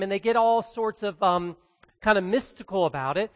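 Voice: mid-range voice, moderate pace, long reverb tail. A pastor giving a sermon and reading scripture, earnest and conversational, leaning hard on key phrases.

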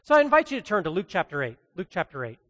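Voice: mid-range voice, wildly swooping pitch, racing, fairly bright tone, breathy edge, long reverb tail. A pastor giving a sermon and reading scripture, earnest and conversational, leaning hard on key phrases.

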